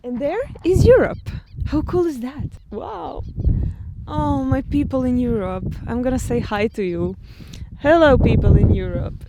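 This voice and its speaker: A young woman from Croatia talks to her handheld camera on a windy island hilltop, emotional and chatty, laughing through tears. Her voice sits a little high and her speech is slow and unhurried. Heavy wind and outdoor noise roar behind her. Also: expressive. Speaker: travel vlogger. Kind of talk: casual vlog talk to camera.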